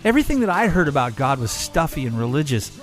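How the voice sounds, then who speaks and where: A man telling a personal story in a casual, animated way, getting emotional as he goes. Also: a little high, fast, faint music behind. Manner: animated, emotional, grows excited. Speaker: storyteller recounting a concert.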